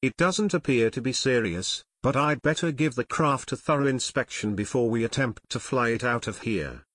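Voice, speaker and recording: A man voicing a calm, grim adult pilot in an audiobook, speaking steadily. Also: mid-range voice, moderate pace, slightly rough, no room sound, studio quality.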